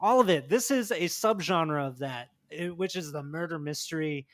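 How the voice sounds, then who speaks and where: A man's voice: a little high, normal speed, a bit bright, no echo, studio quality. A man co-hosting a casual podcast, rambling with lots of "like" and "you know". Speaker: podcast co-host.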